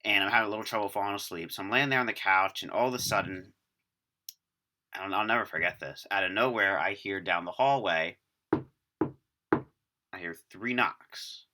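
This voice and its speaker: A man's voice: low voice, moderate pace, pauses often, background noise. A man casually telling a rambling, profane story to friends in a group chat. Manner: rambling, profane, animated retelling.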